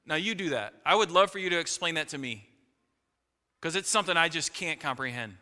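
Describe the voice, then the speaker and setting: Bright-voiced male pastor preaching in a hall. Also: fairly quick. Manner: emphatic preaching, rising to loud peaks then dropping low. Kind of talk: sermon.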